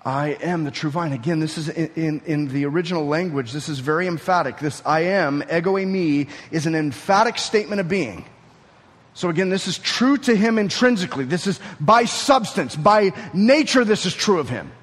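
A man's voice: fairly high pitch, expressive, moderate pace. A man preaching a sermon, teaching through a passage and building to emphatic peaks. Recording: reverberant hall.

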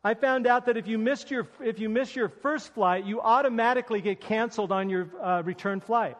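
A man with a high voice preaches a sermon. He tells a personal story with self-deprecating humor. His voice rings with the long reverb of a large hall. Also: fairly quick, fairly bright tone. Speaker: pastor.

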